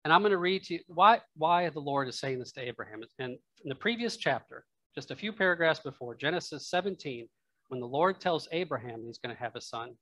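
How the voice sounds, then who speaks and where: A man preaching a sermon in a conversational, thinking-out-loud way. His voice sits a little high for a man. The sound is close and dry, with hardly any room in it. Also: animated, a little fast, no echo. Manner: conversational, musing aloud with asides and laughs. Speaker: pastor. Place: church.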